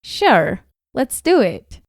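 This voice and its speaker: Slow, expressive woman in role-play. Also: high-pitched, a little hiss or hum. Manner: expressive, reacting with exaggerated emotion. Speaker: co-host in lesson role-plays. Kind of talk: scripted role-play dialogue.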